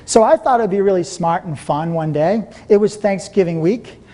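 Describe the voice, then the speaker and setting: A man giving a motivational seminar talk to a live audience, telling stories in an animated way and laughing often. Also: high voice, moderate pace. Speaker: seminar speaker.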